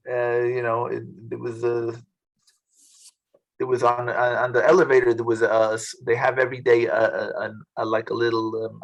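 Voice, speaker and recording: A man leading a study group over a video call, talking in a casual, halting way with many restarts. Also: medium pitch, low-quality recording. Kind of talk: casual teaching talk.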